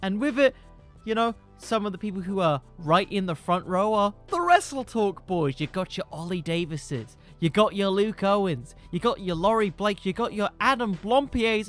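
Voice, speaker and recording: A man hosting a podcast, spinning comedic stories in a rambling, jokey voice that swings up and down freely. Faint music sits quietly behind him. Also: high-pitched. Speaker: podcast host.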